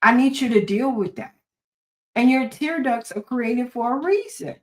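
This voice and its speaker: A woman's voice: a little high, animated, moderate pace. A woman therapist talking to her listeners in a preachy, folksy way, with repeated phrases, joking asides and many rhetorical questions. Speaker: therapist and podcast host. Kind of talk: solo talk to listeners.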